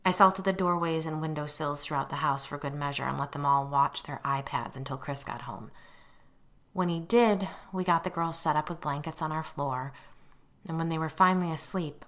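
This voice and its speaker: Casting: a woman narrating a first-person ghost story, deep and gravelly, with vivid storytelling. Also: steady tone, normal speed. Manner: vivid storytelling with forceful acted outbursts. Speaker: mother telling her own ghost story.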